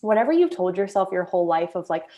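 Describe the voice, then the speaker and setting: A woman's voice: fairly low pitch, sing-song, fast, warm tone, highs cut off. A young woman as a guest in a casual video-call chat, talking freely with many "like"s and acting out her own inner voice. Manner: chatty, many filler "like"s, acts out her inner voice.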